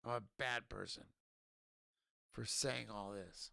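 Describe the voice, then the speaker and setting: A drunk man streaming, ranting in an angry, profane, halting way. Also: lowish voice, fairly even intonation, vocal fry, sharp tone, dry recording. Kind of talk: ranting casual stream talk.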